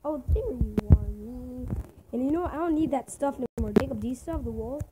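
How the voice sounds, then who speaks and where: A young woman giving casual, excitable commentary while playing a video game with a friend, often yelping and laughing. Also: high voice, fairly quick. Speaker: gaming video host. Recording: loud background noise.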